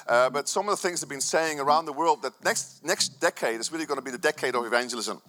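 Brief: a male preacher with a bright, slightly high voice, enthusiastic and prone to restarts. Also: fast talker. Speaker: pastor. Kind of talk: sermon.

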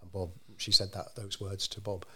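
Low-voiced guy recounting old stories, bright edge to his voice, lots of ums. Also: flat delivery, slightly rough. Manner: measured, with frequent ums and restarts. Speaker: interviewee telling local history. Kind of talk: conversational storytelling.

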